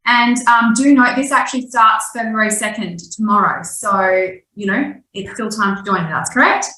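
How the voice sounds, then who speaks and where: Upbeat aussie woman hosting a webinar, sharp bright voice, a bit far off the mic. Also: fairly high pitch, moderate pace, echoey room. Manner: upbeat, laughing, keeps things moving. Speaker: webinar co-host.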